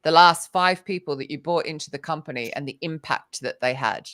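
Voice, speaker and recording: Woman guest on a business podcast, lower voice, lively and quick to laugh. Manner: animated, laughs often, acts out quoted remarks. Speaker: guest author and speaker. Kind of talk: casual podcast conversation. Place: lives in the UK.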